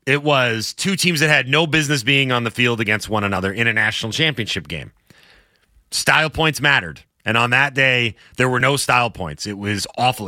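Sports talk co-host, man, bright forceful tone, argumentative and emphatic. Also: medium pitch.

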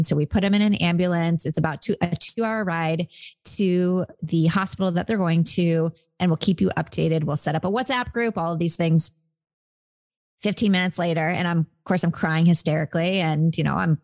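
Low gravelly woman telling a story. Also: darkish tone. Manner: candid, emotional, lots of fillers and restarts. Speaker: guest, author. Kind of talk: conversational storytelling.

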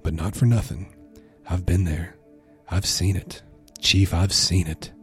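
A man's voice: sits low, fairly even intonation, a little slow, soft background music. A man playing a smug sinister professor. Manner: smug, coolly composed. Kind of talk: horror story reading.

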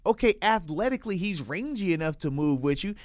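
A man's voice: high voice, expressive, fairly quick, a little mellow, no echo, clean studio sound. A man co-hosting a casual sports podcast, talking in an emphatic, hyped and playful way, stretching words for effect.

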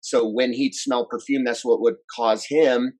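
Husky-voiced male relationship coach. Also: mid-range voice, measured pace, rough recording. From France. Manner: energetic, instructive, repeats words. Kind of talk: casual podcast conversation.

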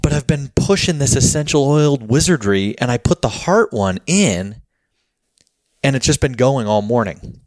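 A man's voice: medium pitch, animated, normal speed, darkish tone, no echo, clean studio sound. A man hosting a podcast, talking in a casual, rambling way full of filler words and sounding slightly out of breath. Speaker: podcast host.

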